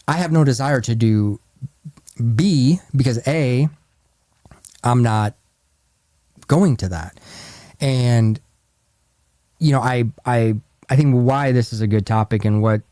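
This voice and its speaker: A man hosting a casual podcast chat, an animated storyteller who acts out quoted lines. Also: mid-range voice, no echo, studio quality. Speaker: podcast host.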